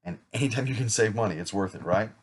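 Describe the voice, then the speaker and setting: A man's voice: on the low side, quick pace, slightly rough. A man acting as an insurance agent in a practice sales role-play, talking casually with small jokes and self-corrections. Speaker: insurance agent rehearsing a client pitch.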